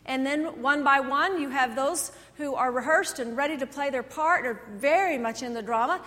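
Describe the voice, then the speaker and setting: A woman pastor preaching a sermon in a church sanctuary, telling stories animatedly, swinging between loud and soft. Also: high-pitched, normal speed, few pauses. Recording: echoey church hall.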